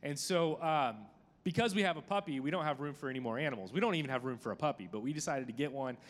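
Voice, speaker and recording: A man's voice: medium pitch, fast. A man in his thirties preaching to a group, telling a personal story in a chatty, self-deprecating way with many fillers. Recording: long hall reverb.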